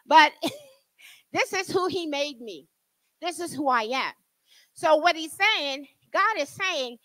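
A woman in her sixties preaches with a Southern accent. Her high voice swoops and climbs with emphasis, bright and forceful. The sound is dry and close. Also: lively intonation, a little slow, no echo, low-quality recording. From New Jersey. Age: 60s. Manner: emphatic preaching with laughs and audience prompts. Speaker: Bible study teacher. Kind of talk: sermon. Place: church.

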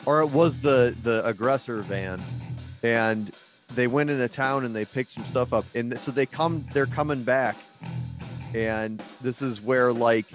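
A man's voice: mid-range voice, measured pace, faint music behind. A man in a casual podcast chat, laughing often and rambling through a story. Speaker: podcast participant.

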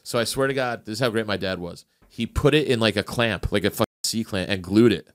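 A man's voice: fairly low pitch, quick pace, no echo, studio quality. A man from New Jersey telling a long, profane anecdote on a podcast, loose and rambling with lots of fillers. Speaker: podcast panelist. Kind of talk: casual podcast storytelling.

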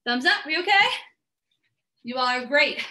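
A woman's voice: high voice, normal speed, pushed and bright. A woman leading a live workout class, coaching with cheers and countdowns while out of breath. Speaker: fitness instructor. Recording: echoey room from far off, music behind.

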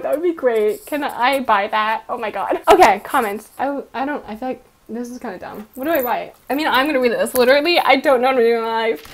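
A woman's voice: fairly high pitch, animated, normal speed, a little hiss or hum. A young woman chatting casually in a vlog, rambling, swearing freely and laughing often. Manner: giggly, rambling and profane, with frequent laughs. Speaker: YouTuber.

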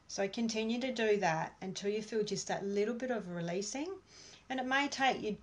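A woman giving a casual online workshop from home, chatting in a rambling way with many fillers. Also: mid-range voice. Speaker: workshop presenter. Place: at home with her dog.

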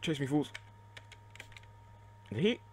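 A man giving live gameplay commentary, excitable and reactive, muttering and swearing at the game as he plays. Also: a little high, slow, a little hiss or hum. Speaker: let's play gamer.

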